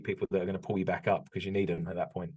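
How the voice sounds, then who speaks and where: British male interview guest, lower register, candid and reflective, casual chat. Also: level tone, very fast, a little mellow, breathy edge. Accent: British English. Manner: reflective, candid, frequent restarts and ums. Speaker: podcast guest, business owner.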